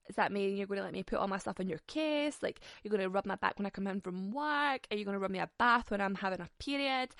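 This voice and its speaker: A woman's voice: mid-range voice, fairly bright tone, no room sound. Sassy, sweary young woman. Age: 20s. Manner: sweary, sassy, quick to laugh. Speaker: podcast host. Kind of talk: casual solo podcast chat.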